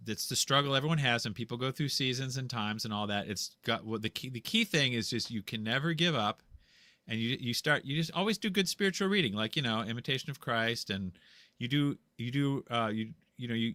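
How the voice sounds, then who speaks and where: Bright, blunt, preachy man. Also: mid-range voice, animated, brisk, no room sound. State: tired after a long talk. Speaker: guest. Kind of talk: casual debate.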